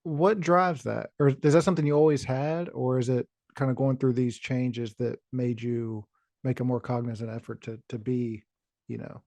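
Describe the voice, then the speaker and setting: A man's voice: mid-range voice, little pitch movement, moderate pace, darkish tone, no room sound. A man hosting a podcast interview, asking supportive, searching questions full of fillers. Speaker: podcast host.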